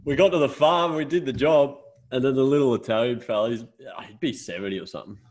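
A man's voice: mid-range voice, quick pace, darkish tone. An Australian man co-hosting a podcast, telling stories in a casual, swearing way. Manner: swearing storyteller. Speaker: podcast co-host. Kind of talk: casual chat.

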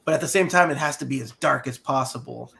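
A man chatting casually on a podcast, rambling with halting restarts. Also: medium pitch, vocal fry, fairly bright tone. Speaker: podcast co-host. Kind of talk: casual chat.

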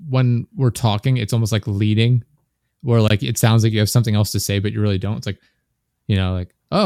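Rambling young man, low voice. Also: darkish tone, no room sound, clean studio sound. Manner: rambling, filler-heavy storytelling. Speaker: podcast host. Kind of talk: casual chat.

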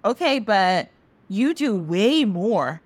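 A woman's voice: medium pitch, big pitch swings, takes it slowly, dry recording. A woman voicing a scheming male trickster god who brags and stirs up trouble. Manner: boastful, mischievous.

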